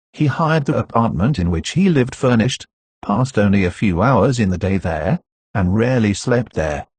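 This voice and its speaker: A man narrating a classic novel as an audiobook in a steady, even reading. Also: mid-range voice, breathy edge, no room sound.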